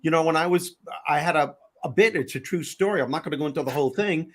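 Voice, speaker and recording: A middle-aged man with a New York accent hosting a casual panel chat, telling animated stories in bursts with many restarts. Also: a little high, quick pace. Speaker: host.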